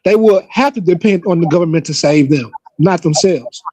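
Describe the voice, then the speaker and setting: A man on a live-stream panel, speaking in a measured, lecturing way and checking in with "okay?". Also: a little high, a little mellow.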